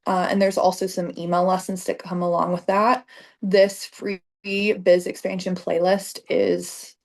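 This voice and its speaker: A woman's voice: on the low side, little pitch movement, unhurried, gravelly, darkish tone. A woman in her thirties, a business coach, talking casually to camera with lots of fillers and heartfelt gushing. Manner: chatty, filler-heavy, emotional and gushing. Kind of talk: casual direct-to-camera talk.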